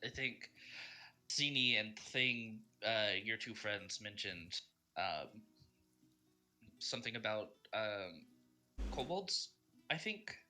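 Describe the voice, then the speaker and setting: A man's voice: fairly low pitch, animated, bright, forceful tone, faint music behind, voice pushed down, exaggerated voice. A man voicing a hesitant fatherly NPC. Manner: halting, full of ums and uhs. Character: fatherly middle-aged male NPC, gentle and hesitant.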